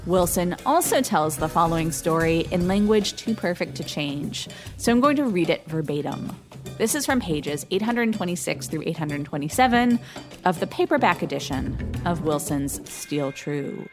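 A woman's voice: lowish voice, expressive, moderate pace. Wry woman narrating over music. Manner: wry, skeptical storytelling. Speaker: podcast host. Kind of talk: scripted narration.

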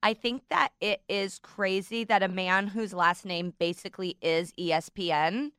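A woman's voice: mid-range voice, moderate pace, a bit bright, smooth, dry recording, clean studio sound. A young adult woman from a northern US state, a podcast guest riffing jokingly with quoted asides. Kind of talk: casual panel chat.

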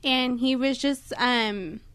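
Chatty young woman, high dry voice. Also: steady tone, takes it slowly, a bit bright, clean tone, dry recording. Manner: chatty, many fillers. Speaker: podcast guest. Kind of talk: casual storytelling. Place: podcast studio.

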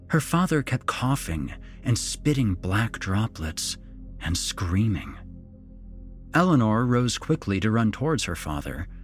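Man, storyteller, lively pitch, suspense reading. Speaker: narrator. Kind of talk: storytelling narration.

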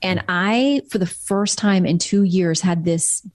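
A woman's voice: fairly low pitch, slow, darkish tone, no room sound, clean studio sound. A woman guest in a candid interview, talking earnestly and reflectively about her faith.

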